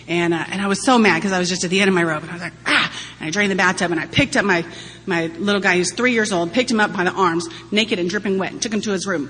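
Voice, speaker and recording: A woman's voice: fairly low pitch, a bit bright. Candid woman sharing her story in a hall. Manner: candid, humorous storytelling with frequent laughter. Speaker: speaker sharing at a recovery-group meeting. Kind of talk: personal testimony to an audience. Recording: long hall reverb, faint hum.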